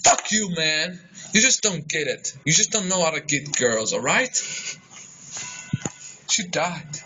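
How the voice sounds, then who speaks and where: A man's voice: on the high side, expressive, takes it slowly. A man playing a brash, crude young guy. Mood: defensive. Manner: crude, boastful, swings into frantic shouting. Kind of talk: amateur film acting. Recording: dull, noisy amateur audio.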